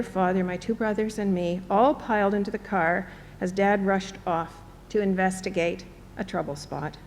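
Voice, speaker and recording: Older woman giving a formal speech. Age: 70s. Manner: measured, reflective. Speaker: university chancellor. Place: large hall. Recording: long hall reverb, faint rumble.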